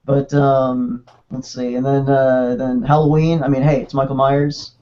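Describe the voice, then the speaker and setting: A man casually chatting on a podcast, excitable and rambling, with quick restarts. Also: medium pitch. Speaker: podcast co-host. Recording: dull lo-fi podcast audio.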